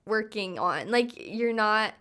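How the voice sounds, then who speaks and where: A woman's voice: medium pitch, animated, takes it slowly, fairly bright tone, clean tone. A young woman co-hosting a podcast, chatting casually with many fillers. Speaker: podcast co-host. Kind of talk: casual chat.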